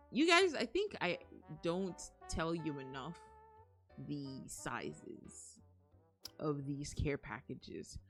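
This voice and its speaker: A young woman chats with her live-stream viewers from home, her fairly low voice swooping up and down with animated energy. She rambles and restarts her sentences, and keeps breaking into excited gasps and laughter. Soft music plays faintly behind her. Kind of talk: casual live-stream chat.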